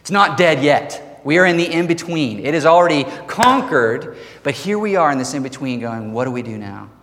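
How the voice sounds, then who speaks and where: A man delivers a sermon in a fairly high voice. He is emphatic and lively, stressing words and asking the congregation questions. His voice carries a long reverb from a large church hall. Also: normal speed, creaky, a little hiss or hum. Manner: animated, emphatic preaching with rhetorical questions. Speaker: pastor.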